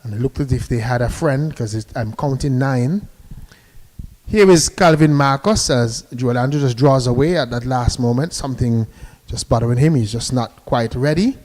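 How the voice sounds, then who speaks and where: A man giving live cricket commentary, chatty and relaxed, sending greetings to listeners between deliveries. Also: mid-range voice, moderate pace.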